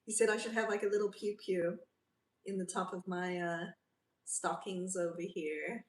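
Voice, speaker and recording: A woman's voice: lowish voice, fairly even intonation, unhurried. A woman from South Africa hosting a casual livestream, chatting and reading out and answering viewer comments. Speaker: livestream host. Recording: roomy, from a distance.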